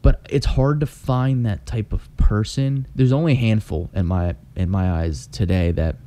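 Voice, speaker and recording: A man talking casually on a podcast, halting often and filling gaps with "you know". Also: lowish voice, dark tone. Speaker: podcast co-host. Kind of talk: casual chat.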